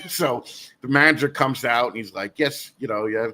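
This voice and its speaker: Bright-voiced rambling male storyteller. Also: medium pitch, normal speed. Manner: rambling storyteller, frequent restarts and laughter. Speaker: guest host. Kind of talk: casual podcast chat.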